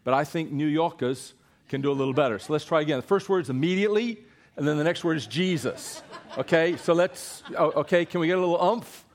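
In church before his congregation, a fast-talking preacher from Eastern North Carolina with a voice on the high side urges the people to read scripture aloud alongside him. His tone is playful and coaxing at first, later becoming hushed and earnest.

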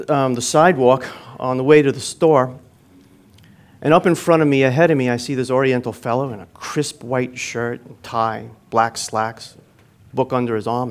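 A man preaching a sermon, telling a personal story in an earnest way, with phrases that swell and then fall quiet at the end. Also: medium pitch.

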